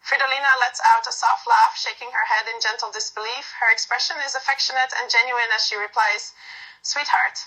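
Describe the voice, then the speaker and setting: A woman reading a second-person romance story aloud in a soft, unpolished way with fillers. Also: fairly high pitch, steady tone, fairly quick, few pauses, poor audio. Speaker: story narrator.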